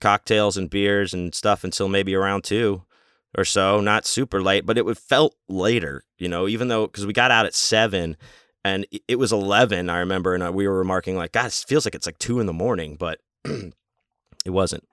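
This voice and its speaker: A man's voice: deep voice, fairly even intonation, moderate pace, fairly bright tone, clean tone, dry recording, clean studio sound. A man casually telling a rambling, amused story with lots of fillers and restarts.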